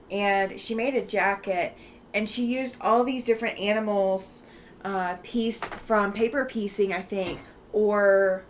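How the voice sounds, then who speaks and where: A woman's voice: medium pitch, slight background noise. A woman from Alabama hosts a casual livestream, reading chat aloud in a chatty, friendly way with many ums and easy laughs. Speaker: livestream host.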